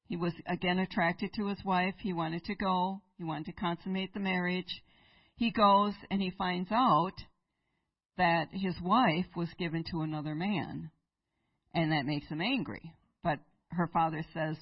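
A woman's voice: lowish voice, normal speed, dry recording, distant mic, dull audio. A woman preaching in church, retelling a Bible story and asking her listeners rhetorical questions. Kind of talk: sermon.

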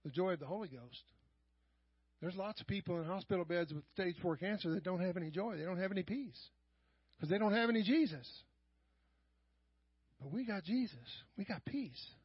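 A middle-aged man preaching a sermon in church, swinging from quiet asides to loud raised passages. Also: high voice, animated, normal speed, long pauses, breathy edge, dry recording. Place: church sanctuary. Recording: dull, lo-fi church live stream.

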